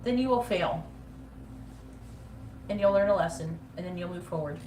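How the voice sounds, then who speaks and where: Blunt low-voiced woman reading tarot. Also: moderate pace, dark tone, slight background noise. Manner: blunt, swears freely, mimics nagging voices. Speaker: psychic reader. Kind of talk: live-stream tarot reading. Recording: echoey room with faint ambience.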